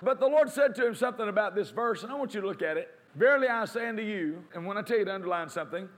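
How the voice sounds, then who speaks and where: A man's voice: sits high, animated, rapid-fire. A man preaching a sermon, quoting scripture and answering his own questions with rising emphasis.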